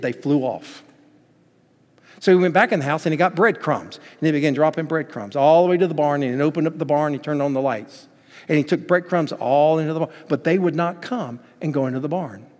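A pastor preaching with emphasis, acting out the lines he quotes. His voice sits a bit high for a man, and it rings out with a long reverb tail. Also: fairly quick, darkish tone. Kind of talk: sermon.

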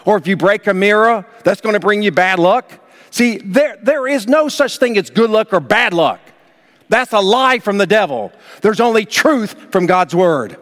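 A man preaching a sermon as pastor, emphatic, with sudden rises in pitch and loudness. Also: expressive, moderate pace. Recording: long hall reverb.

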